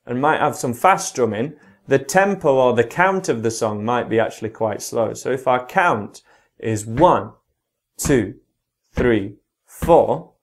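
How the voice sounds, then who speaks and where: A British man teaching guitar, explaining strumming and slowly counting the beats aloud. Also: mid-range voice. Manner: counts along in a slow, drawn-out voice. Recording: guitar playing loudly behind the voice. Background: his own guitar playing.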